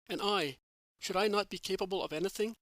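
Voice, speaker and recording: A man's voice: high-pitched, brisk, fairly bright tone, no echo, pitched above the performer's own voice, rough recording. A man reading the part of an earnest young male disciple who pleads and asks searching, heartfelt questions. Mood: devoted.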